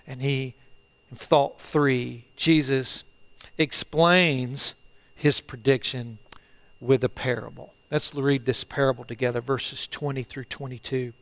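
A middle-aged man preaching a sermon as pastor, earnest and halting, often repeating phrases and swinging between loud and hushed delivery. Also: medium pitch. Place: church, online service.

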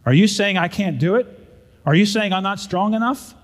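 A man's voice: on the high side, moderate pace, in a large hall, lightly acted. A man voicing a proud, stubborn younger brother who insists on earning forgiveness, speaking in indignant, insistent declarations. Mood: angry.

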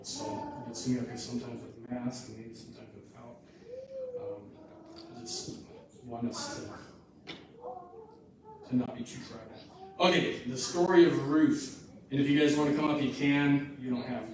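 Brief: male pastor, relaxed asides; distant mic, huge reverb, background noise. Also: mid-range voice. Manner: informal, restarting asides. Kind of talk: sermon. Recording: echoey hall from far off.

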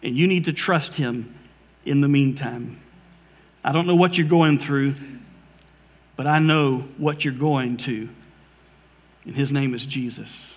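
A man's voice: mid-range voice, unhurried, pauses often. A man preaching a sermon to a congregation, earnest, building rhythmic repeated phrases. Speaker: pastor. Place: church sanctuary with congregation.

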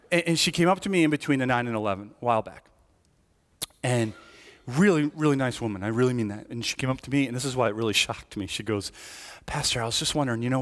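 A middle-aged man preaching in a church sanctuary, his voice trailing off into a long hall reverb. He talks to the congregation like a conversation, checking in with them and acting out the voices of people he describes. His pitch sits in an ordinary male middle range. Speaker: lead pastor. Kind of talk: sermon.

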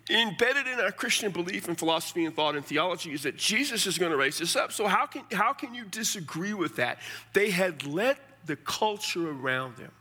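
Bright-voiced emphatic male preacher. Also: high voice, husky. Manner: emphatic preaching with rhetorical questions. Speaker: pastor. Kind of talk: sermon.

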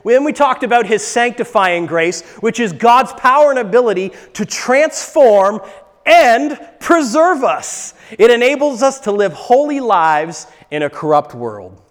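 High-voiced man preaching in a reverberant hall. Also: sing-song, unhurried. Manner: emphatic, repeats words for stress. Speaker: pastor. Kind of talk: sermon.

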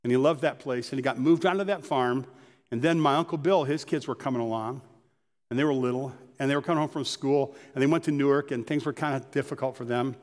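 A pastor telling personal stories in a conversational sermon. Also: male voice, medium pitch, fast talker, a little mellow, in a large hall. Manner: storytelling, conversational.

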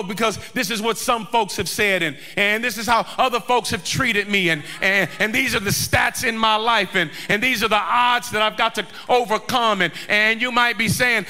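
A man preaching a sermon in a church, shouting and stretching out key words. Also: very high voice, animated, normal speed. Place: church sanctuary. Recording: long hall reverb, music behind.

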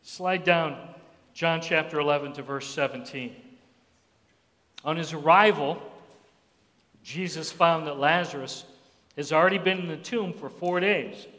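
Man, pastor, sermon, high voice, acts out the voices in the passage, reverberant hall. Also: a little slow, long pauses, bright, forceful tone. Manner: acts out Bible voices with sudden pitch jumps.

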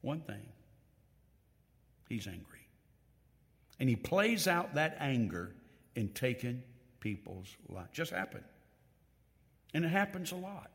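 A man's voice: mid-range voice, takes it slowly, vocal fry, long pauses. A man preaching a sermon, reading scripture with emphatic stress and putting questions straight to his congregation. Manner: animated, reads scripture aloud with emphatic stress; asks the congregation questions directly. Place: church. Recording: long hall reverb.

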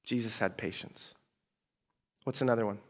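A man's voice: lowish voice, normal speed. A man preaching in a casual storytelling style, chatty and slangy, with asides and mock exasperation. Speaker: preacher teaching a group.

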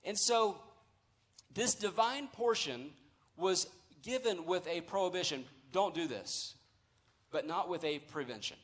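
Man, pastor, sermon in a church, high voice, emphatic, slow stressed phrases. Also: expressive, a bit bright. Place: church sanctuary.

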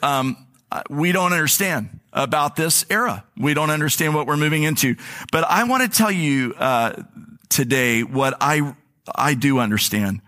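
A male pastor with a medium-pitched, sharp-toned voice gives a conversational sermon. He is earnest and anecdotal, telling personal stories.

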